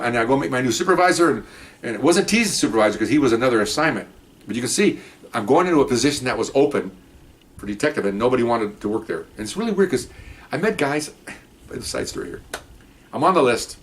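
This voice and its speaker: A man, a former police detective, talks at a brisk clip as he tells stories from the job. His delivery is loose and conversational, with lots of restarts. He brings the people in his stories to life by acting out what they said. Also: medium pitch. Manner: rambling anecdotes with restarts; animated retelling of conversations. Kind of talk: casual spoken storytelling.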